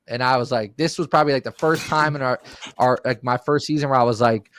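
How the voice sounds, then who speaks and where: Speaking fast at a medium pitch, a man on a podcast launches into a rowdy, foul-mouthed story in casual chat. He's lively and profane, voicing the quotes himself, with no echo present.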